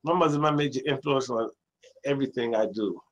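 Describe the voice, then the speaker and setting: A man, a librarian telling stories as a guest in a casual interview, animated and acting out other people's voices. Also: mid-range voice, fairly quick, low-quality recording. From New York City. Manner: animated storyteller, acts out quoted voices.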